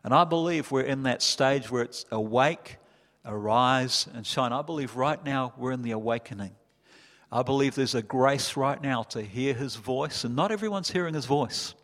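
A man preaching a sermon as pastor, building from calm reflection to loud, impassioned climaxes. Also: mid-range voice, moderate pace. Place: church hall. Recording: reverberant church hall.

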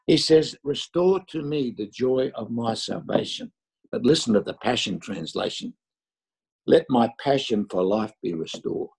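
An older man delivers a sermon in a gravelly, rough-edged voice. He tells stories and drives his points home by repeating phrases. His pitch sits in a middling range. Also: a little mellow, low-quality recording. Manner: storytelling with emphatic, repeated phrases. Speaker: pastor.

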